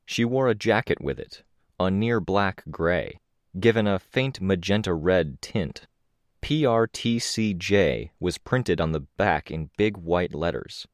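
Man, very low deep voice, audiobook narrator, measured even storytelling, dry close recording. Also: dry recording. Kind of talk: first-person audiobook narration.

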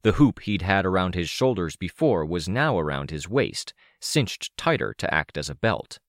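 A man reading first-person fiction aloud as an audiobook narrator, measured and vivid. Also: deep voice, big pitch swings, no room sound, clean studio sound.

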